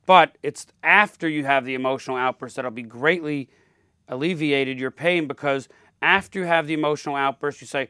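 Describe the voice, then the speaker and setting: A man's voice: a little high, fairly quick, bright, forceful tone, clear, resonant tone, no room sound, studio quality. A man in a podcast debate, talking emphatically and acting out quoted speech.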